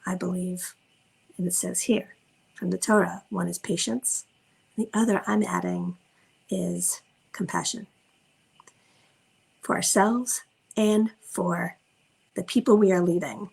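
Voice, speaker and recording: A woman parenting coach giving an informal teaching talk, gentle and reflective, slowing down to stress key words. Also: on the low side, steady tone, creaky, breathy edge, low-quality recording. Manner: gentle, reflective, slows down for emphasis.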